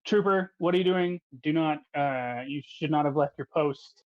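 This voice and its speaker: A man's voice: fairly high pitch, normal speed, muffled recording, close to an everyday voice. A man voicing a stern male German trooper who guards his post and goes by the rules, scolding curtly. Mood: suspicious. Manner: curt, by-the-book scolding.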